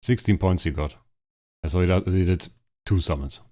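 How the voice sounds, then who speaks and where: A hoarse man streaming a game live, commentating and fretting over a rival player while talking to his chat. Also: low-pitched, normal speed, a little mellow. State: hoarse, strained voice.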